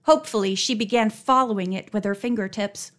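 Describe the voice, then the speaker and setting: A woman reading a mystery novel aloud as an audiobook narrator, expressive and raising her pitch for dialogue. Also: brisk. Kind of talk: scripted narration.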